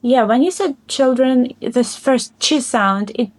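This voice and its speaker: Woman examiner, higher voice, upbeat feedback, dry sound. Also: no room sound. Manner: encouraging, frequent laughs, quick bursts. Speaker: IELTS speaking examiner. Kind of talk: mock exam feedback.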